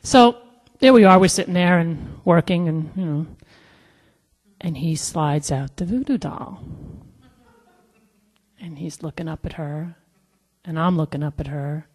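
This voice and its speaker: A woman telling a personal story live at a storytelling event, animated and acting out the dialogue. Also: sits low, a little slow, pauses often. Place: museum event hall. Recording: long hall reverb at live event.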